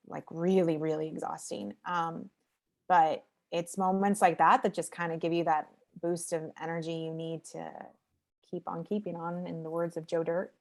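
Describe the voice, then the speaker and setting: A woman with a fairly low voice speaks on a video call panel as a nonprofit founder. Her delivery is earnest and reflective, unhurried storytelling. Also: flat delivery.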